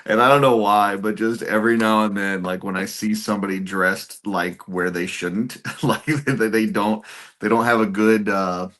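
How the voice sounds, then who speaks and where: A man's voice: fairly low pitch, fairly even intonation, normal speed, a bit bright. A man in his thirties telling funny stories in a casual chat, laughing often. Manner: storytelling, giggles often.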